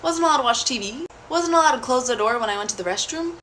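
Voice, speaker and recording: A young woman telling a personal story in a casual, blunt and profane way, animated throughout. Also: high voice, fast, slight background noise.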